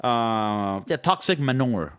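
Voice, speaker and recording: A man's voice: mid-range voice, animated, slow pace, fairly bright tone, clean tone. A young man with a Venezuelan Spanish accent, co-hosting a podcast in casual, joking, rambling chat. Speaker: podcast co-host.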